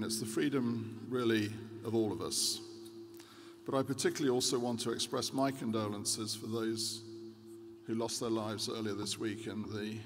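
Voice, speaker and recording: A man in his sixties giving a formal keynote speech as a central bank governor, measured and earnest with occasional hesitations. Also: on the low side. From United Kingdom. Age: 60s. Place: large conference hall. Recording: reverberant hall with faint background noise.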